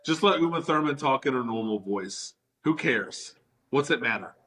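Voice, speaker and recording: A man's voice: mid-range voice, fairly quick. A man co-hosting a casual movie review chat, talking with enthusiasm and leaning on "like" as a filler. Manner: enthusiastic, animated, leans on "like". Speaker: podcast co-host.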